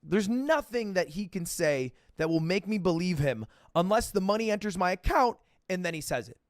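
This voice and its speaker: A young man telling a story in a lively, swooping voice that climbs fairly high when he acts out the other people. He swears freely and switches between voices in the phone calls he recounts. The sound is close and dry, with no room around it. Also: moderate pace, dry recording. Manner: animated, profane, acts out both sides of phone calls. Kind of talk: casual storytelling monologue.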